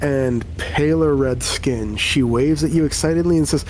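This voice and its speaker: A man serving as game master, narrating a tabletop game in an unhurried, descriptive way. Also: a little high, a little mellow, a little hiss or hum.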